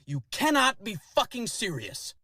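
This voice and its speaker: A man's voice: sits high, wildly swooping pitch, unhurried, sharp tone, no room sound, studio quality. A young man ranting angrily in a social media video, swearing and sneering with sarcasm. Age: young adult. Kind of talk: angry video rant.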